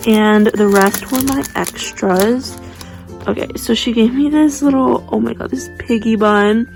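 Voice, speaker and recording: A young woman chatting casually as she unboxes squishy toys, gushing and gasping with excitement. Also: fairly high pitch, a little slow, gravelly, faint music behind. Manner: excitable, gushing, breathless gasps.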